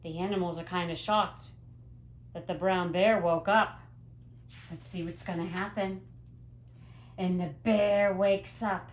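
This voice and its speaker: A woman teacher reading a picture book aloud to young children, gently explaining words as she goes. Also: mid-range voice, fairly even intonation, measured pace, slight background noise. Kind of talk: storybook read-aloud to children.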